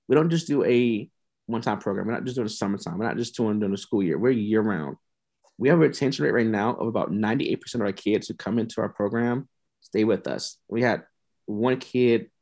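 Speaking fairly quickly in a low, slightly mellow voice, a youth mentoring program founder tells his story as a guest on a podcast. His delivery is sincere and heartfelt, with repetition for weight, and emotion brings him near tears at moments.

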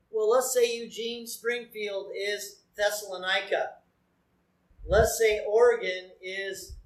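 Male pastor, animated sermon, echoey sanctuary sound. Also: high voice. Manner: animated preaching with rhetorical questions to the congregation. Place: church sanctuary. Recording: echoey church room.

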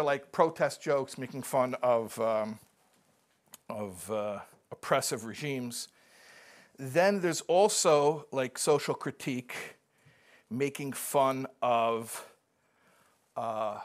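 A man casually explaining and telling jokes, with frequent fillers and restarts, laughing at his own punchlines. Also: mid-range voice. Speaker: speaker on Jewish humor.

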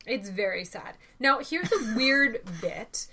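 A woman's voice: fairly high pitch, animated, slow pace, pushed and bright. A woman co-hosting a podcast, recapping an episode in casual, jokey chat and laughing often. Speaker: podcast co-host.

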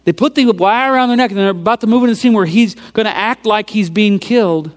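A man with a noticeably high voice delivers a storytelling sermon, walking his listeners through a film scene by scene. He is animated in his retelling and sinks into hushed near-whispers to drive points home. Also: fast talker.

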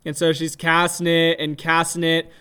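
A man hosting a podcast, telling a story in a casual, animated way, laughing often and acting out his own shouts. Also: on the high side, normal speed, smooth. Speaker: podcast host.

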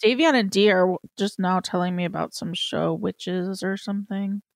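A woman's voice: fairly low pitch, fairly even intonation, moderate pace, gravelly, no echo, clean studio sound. A woman co-hosting a casual chat, easygoing and a little hesitant, with many fillers.

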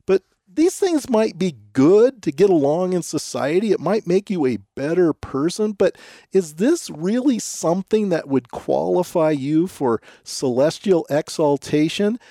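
A man's voice: high-pitched, animated, measured pace, mellow, dry recording, studio quality. A man co-hosting a scripted discussion, skeptical and emphatic as he reads out quotes and questions them. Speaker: co-host.

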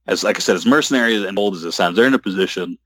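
A man talking as an interview guest about his comic work, halting and rambling with many restarts. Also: on the low side, bright, forceful tone, dry recording. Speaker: comic book writer guest. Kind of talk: casual interview talk.

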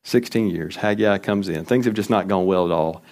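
Deep-voiced man preaching a sermon. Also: moderate pace, a little mellow. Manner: conversational, folksy preaching with emphatic scripture reading. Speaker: pastor.

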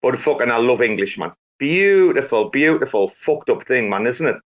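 A man, bantering loudly and swearing a lot in a rowdy group chat. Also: medium pitch, animated, moderate pace. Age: 40s. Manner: swearing, rambling, loud and jokey. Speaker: Twitter Space participant.

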